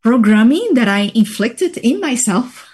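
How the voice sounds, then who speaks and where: Slow, reflective woman sharing her story. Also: on the high side, very animated, a little mellow, husky. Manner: reflective, measured, pauses often. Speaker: interview guest, healing practitioner. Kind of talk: personal story in conversation.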